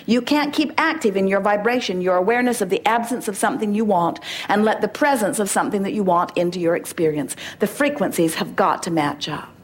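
A woman's voice: medium pitch, fairly quick, few pauses. A middle-aged woman giving an emphatic inspirational talk to a gathering, acting out little dialogues to make her points. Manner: emphatic, playful, acts out dialogues. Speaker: spiritual teacher.

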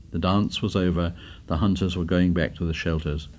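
A man narrating a story in a measured, dramatic reading. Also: sits low, fairly even intonation, darkish tone. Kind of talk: scripted narration.

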